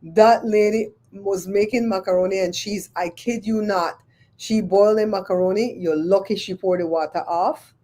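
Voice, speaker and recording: A woman, hosting a livestream and chatting with viewers, telling stories in an animated, exclaiming way. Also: medium pitch, normal speed. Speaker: livestream host. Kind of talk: casual chat with live viewers.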